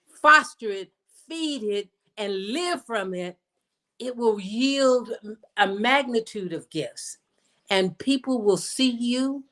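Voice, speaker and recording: A woman minister giving an inspirational sermon as a personal story, slowing down to stress her points. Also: fairly bright tone. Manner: storytelling, acts out quoted voices with big pitch jumps; slows down for emphasis. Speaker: guest minister. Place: streamed in from home or studio.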